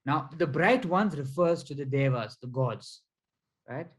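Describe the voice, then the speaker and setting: A man teaching a spiritual lecture at an unhurried, measured pace, his voice sitting a little higher than most men's. He explains carefully, often pausing on fillers as he works through each point. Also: expressive, low-quality recording. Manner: slow, deliberate explaining with frequent fillers; counts syllables aloud one by one. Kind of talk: lecture with slides.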